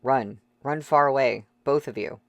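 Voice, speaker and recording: A man's voice: mid-range voice, measured pace, gravelly, fairly bright tone, no room sound. A man doing a stammering, frightened tutor. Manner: stammering, fearful. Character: timid, frightened male tutor.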